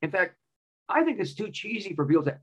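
Lively husky-voiced male preacher. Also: high voice, fast, low-quality recording. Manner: emphatic, repeats key phrases. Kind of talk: sermon with personal story.

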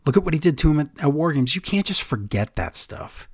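A man co-hosting a casual podcast, retelling events with animated storytelling. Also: a little high, a little fast, breathy edge, no echo, studio quality. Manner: animated storyteller, acts out quotes. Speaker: podcast co-host recapping wrestling. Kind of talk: casual chat.

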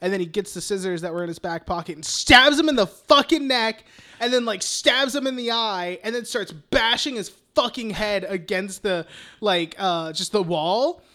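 A man co-hosting a podcast, excitedly retelling film scenes in casual chat, swearing often. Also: high-pitched, normal speed. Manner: acts out lines in put-on voices. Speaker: podcast co-host.

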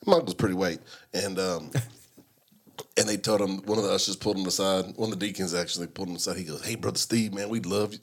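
A man's voice: low voice, quick pace. A man chatting casually and telling stories with lots of laughter. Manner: animated storyteller who laughs a lot. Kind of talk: casual chat.

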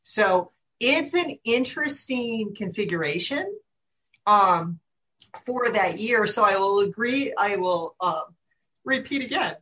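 A woman hosting a spiritual conversation, stretching out her words in slow, emphatic phrases. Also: medium pitch, animated, pushed and bright, rough recording. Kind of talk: spiritual talk.

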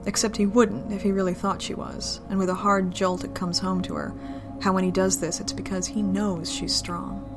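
A woman reading an adult romance story aloud in a low, intimate, steady manner. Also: normal speed, hardly any pauses, music in the background. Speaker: narrator.

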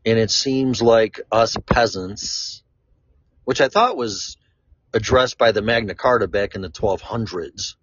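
This Chicago-born vlogger has a fairly low, slightly breathy voice and lively intonation as he rambles through a blunt, casual monologue full of swearing. The audio is dull, lo-fi and dry, with no room echo.

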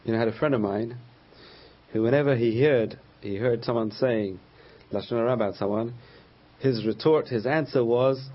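Male rabbi, husky voice, storytelling lecture that acts out quotes; lo-fi recording. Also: mid-range voice, normal speed. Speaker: rabbi teaching a class. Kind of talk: Torah class lecture.

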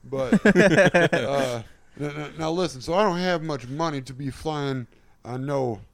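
A man's voice: on the high side, gravelly, no room sound. Man doing a stammering old southern president. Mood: rambling. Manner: stammering, halting, drawn-out filler sounds. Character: rambling crude old male president. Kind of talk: comedic improv impression.

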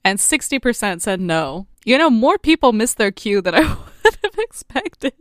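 A woman's voice: fairly high pitch, sing-song, moderate pace, no room sound, clean studio sound. A young woman co-hosting a podcast in casual chat, laughing often and telling stories with animation. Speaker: podcast co-host.

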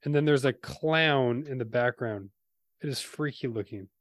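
A man's voice: mid-range voice, moderate pace, no echo. A man co-hosting a casual podcast chat, reading out posts and trading dry jokes. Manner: dry, joking delivery. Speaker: podcast co-host.

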